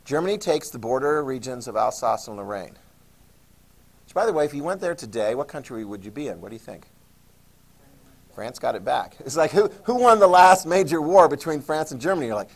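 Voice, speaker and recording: Animated male history teacher lecturing. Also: a little high, moderate pace. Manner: animated, jokey, acts out quoted voices. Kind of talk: classroom lecture.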